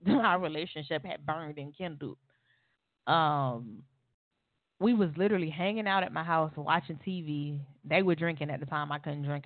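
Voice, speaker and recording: A woman's voice: deep voice, no echo. Blunt woman telling her story over a phone line. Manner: blunt and profane, wry laughs. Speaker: panel guest on an online talk show. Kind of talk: candid personal storytelling. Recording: tinny phone-line audio.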